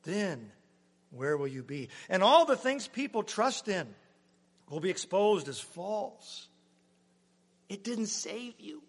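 A high-pitched man delivers a sermon from the pulpit of a church. He swings between loud, pressing emphasis and soft, hushed lines that fall almost to a whisper. His voice rings with a long hall reverb. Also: very animated, slow pace, husky. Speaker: pastor.

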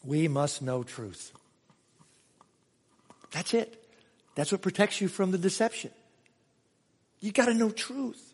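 A male pastor preaching a sermon, emphatic, swinging between raised exclamations and hushed asides. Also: high voice, big pitch swings, slow, long pauses, husky, long reverb tail. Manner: emphatic preaching with sudden rises and hushed drops.

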